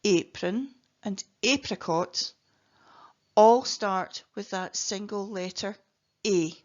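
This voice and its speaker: A woman with a Scottish accent, a teacher slowly and carefully explaining spelling patterns and sounding out words letter by letter. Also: medium pitch, darkish tone. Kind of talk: phonics lesson narration. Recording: dull lo-fi recording.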